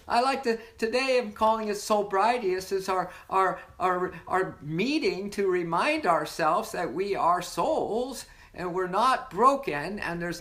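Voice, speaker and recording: The leader of an online spiritual sobriety meeting, giving an inspirational talk with storytelling in a warm-hearted, playful, rambling way that often repeats words. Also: medium pitch.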